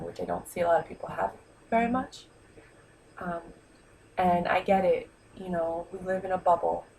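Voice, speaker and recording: A woman's voice: lowish voice, creaky, slight background noise, low-quality recording. Tearful New woman vlogging. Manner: heartfelt, rambling, many ums and you-knows. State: close to tears. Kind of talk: emotional personal vlog monologue. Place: New York.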